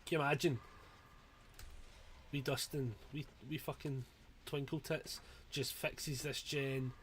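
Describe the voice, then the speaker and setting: Sweary, excitable man streaming a game. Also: mid-range voice, takes it slowly, a little hiss or hum. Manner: sweary, excitable, given to panicked yelling. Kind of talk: live gameplay commentary.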